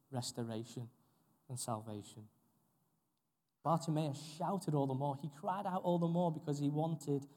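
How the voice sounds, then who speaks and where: A young man delivers an earnest sermon, repeating key phrases for weight. His voice sits a touch high yet sounds dark and mellow. The recording carries a long reverb, as in a large church. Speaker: preacher.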